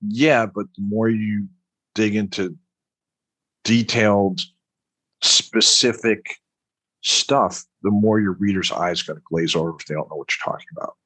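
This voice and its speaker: An author and veteran from Long Island speaks unhurriedly in a lowish, steady voice that is fairly bright and slightly rough, recorded without room sound. In this conversational interview he rambles on emphatically, often adding "right?"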